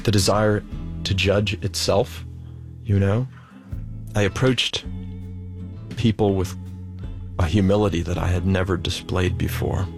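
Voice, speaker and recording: A man giving a halting, thoughtful personal account as an interview guest. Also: low voice, fairly even intonation, gravelly. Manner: halting, thoughtful, many fillers. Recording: guitar music underneath.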